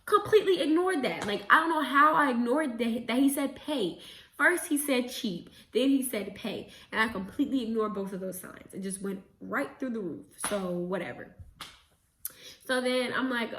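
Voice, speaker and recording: Chatty young woman telling a story. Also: on the high side. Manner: chatty, animated retelling with quick self-corrections. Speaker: vlogger. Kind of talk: casual storytime. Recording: roomy echo.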